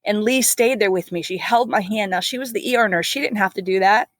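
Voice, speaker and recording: A woman's voice: mid-range voice, fairly quick, no echo. Earnest woman telling her story, dry sound. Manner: earnest, vivid retelling with laughs and restarts. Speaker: guest, flight nurse. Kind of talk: personal storytelling interview.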